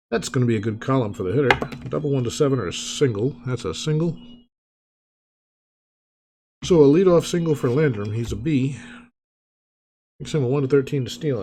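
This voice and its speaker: Man, mid-pitch voice, casual tabletop baseball play-by-play, chatty asides, faint room ambience behind. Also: a little hiss or hum. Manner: relaxed, chatty asides mixed with play calls. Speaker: tabletop baseball replay host.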